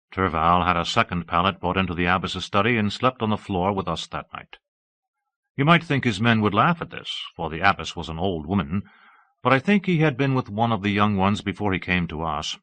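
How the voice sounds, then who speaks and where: A man narrating a novel in a steady, even reading voice. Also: on the low side, no room sound. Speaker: audiobook narrator. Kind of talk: audiobook narration.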